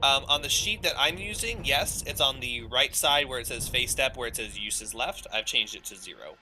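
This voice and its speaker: A man working as game master, narrating a tabletop game over a voice call in a quick, amused way and laughing often. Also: medium pitch, lively intonation, over music, poor audio.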